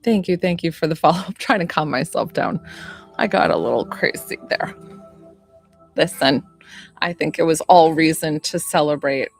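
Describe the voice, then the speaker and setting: A woman who works as a psychic medium and healer, chatting excitably on a livestream and greeting her viewers by name. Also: low voice, moderate pace, gravelly, soft background music. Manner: gushing, excitable, chatty, reads out viewer names. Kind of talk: excitable casual livestream chat.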